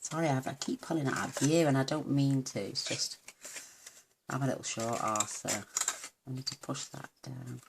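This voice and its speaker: A woman's voice: extremely low pitch, steady tone, moderate pace, vocal fry, very noisy. A woman giving a chatty, homely papercraft tutorial at her craft table, full of self-deprecating asides. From United Kingdom. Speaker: papercraft demonstrator.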